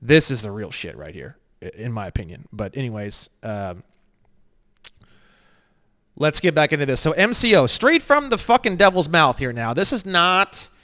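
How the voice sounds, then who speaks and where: A man's voice: medium pitch, sing-song, normal speed. Profane, ranting man teaching online. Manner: crude, joking, swings between muttering and loud rants. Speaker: online legal course instructor. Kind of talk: profane, rambling screen-share lesson.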